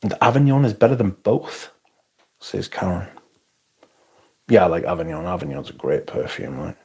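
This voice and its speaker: A man's voice: low-pitched, big pitch swings, normal speed, vocal fry, darkish tone, slightly rough. A middle-aged man, hosting a livestream in a loose, rambling, swear-heavy chat and reading out viewer comments. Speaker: livestream host.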